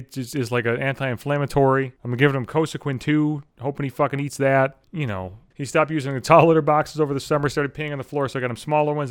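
A man talks alone on his podcast, his voice a touch high and his words tumbling out quickly. He is distressed and worn out, rambling and swearing as he goes. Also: smooth. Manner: profane, rambling, raw and upset. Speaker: podcast host. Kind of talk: emotional solo podcast monologue.

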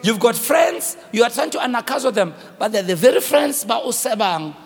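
Impassioned high-voiced preacher. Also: male voice, expressive, moderate pace, soft background music. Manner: impassioned preaching with personal storytelling. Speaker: pastor. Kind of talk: sermon. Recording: long hall reverb.

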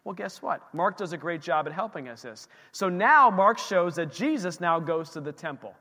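High, bright-voiced male pastor preaching. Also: moderate pace. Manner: animated, exclaiming, rhetorical questions. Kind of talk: sermon. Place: church. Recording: reverberant church hall.

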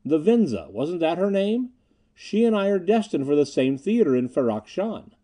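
A man plays a quiet male American stage magician in his late thirties, calm and dryly amused. His voice sits higher than the narrator's, with a lively lilt. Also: moderate pace.

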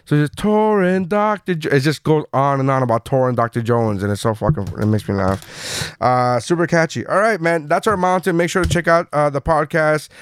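A man's voice: fairly high pitch, brisk, clear, resonant tone, no room sound. A man in his thirties hosting a podcast in casual chat, rambling with many fillers and swearing. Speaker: podcast host.

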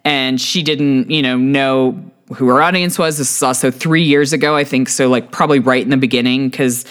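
Relaxed podcast co-host with a smooth voice. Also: medium pitch, normal speed. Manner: relaxed, agreeable, hedging. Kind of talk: casual podcast chat.

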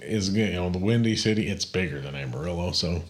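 A man's voice: deep voice, fairly quick. A man with a Texan accent, a pastor co-hosting a casual podcast chat, telling stories in a rambling, easygoing way. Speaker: podcast co-host.

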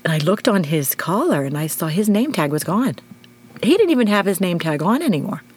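A middle-aged woman hosting a podcast, telling a personal story in an emotional, animated way. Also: on the low side, a little fast, husky. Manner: emotional, animated retelling with shouted quotes. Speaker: podcast host.

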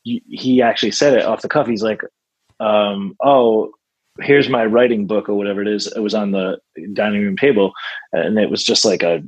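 Man, songwriter guest, casual interview talk, rambling, lots of fillers and restarts, husky voice, dry close sound. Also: fairly low pitch, fairly even intonation, moderate pace, no room sound, muffled recording.

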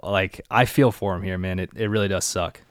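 Young male co-host, relaxed recap chat, low and smooth, dry mic. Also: a little fast, no echo. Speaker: podcast co-host.

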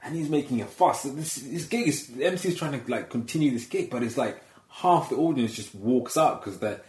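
A man's voice: medium pitch, expressive, brisk, a little mellow. A man, a stand-up comedian, telling a story in casual chat and acting out what people said. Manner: storytelling, acts out quotes. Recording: echoey room.

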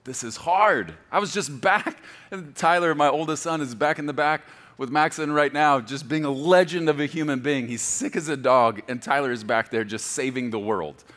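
A man's voice: on the high side, moderate pace, hardly any pauses, a bit bright, big-room sound. A man in his forties preaching a sermon as a pastor, telling stories with laughter and self-deprecating humor. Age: 40s.

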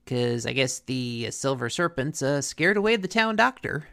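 A man's voice: mid-range voice, normal speed, gravelly. A man co-hosting a podcast, recapping a cartoon episode in a casual chat and acting out lines from it. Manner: animated, acts out quotes from the episode.

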